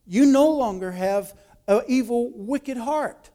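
A man with a notably high voice preaches to his congregation. He repeats and restates his points, jumping from loud, pressing emphasis to soft, close asides. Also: slow. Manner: swings from loud urgent preaching to hushed intimate asides. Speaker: pastor. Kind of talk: sermon.

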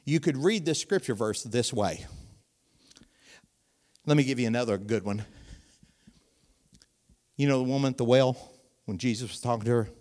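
A middle-aged man preaching a sermon in a voice that sits in the middle of the male range. He talks to the congregation like a friend, asking them questions, then lifts his volume for emphasis and slows down on the key lines. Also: medium pitch. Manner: animated preaching with rising volume and dramatic pauses; conversational, asks the audience questions.

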